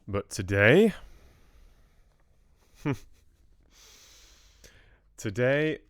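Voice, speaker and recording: A man's voice: medium pitch, sing-song, extremely slow, a bit bright, dry recording, clean studio sound. A man hosting a casual livestream book club, chatting and rambling to viewers with laughs.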